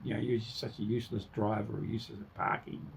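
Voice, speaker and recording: A man's voice: fairly low pitch, little pitch movement, fast, creaky, breathy edge. Man, radio co-host; casual, rambling chat, acts out quoted insults. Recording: radio studio.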